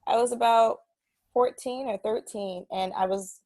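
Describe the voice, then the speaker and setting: A woman saxophonist speaks as an interview guest with a voice a touch higher than most. She tells her stories in an animated way, laughs often, and sometimes acts out other people's voices. The recording is dry and close, with no room sound. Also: unhurried, no room sound. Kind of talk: casual interview storytelling.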